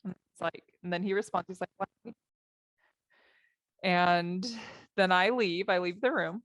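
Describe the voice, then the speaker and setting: Animated woman life coach, dry sound. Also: lowish voice, a little slow, no echo. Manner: animated, acts out her own thoughts in quotes. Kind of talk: coaching talk with personal story.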